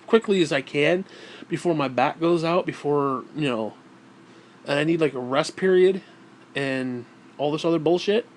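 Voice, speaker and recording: A man vlogging, telling a story in a casual, rambling way, swearing often and sounding exasperated. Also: fairly high pitch.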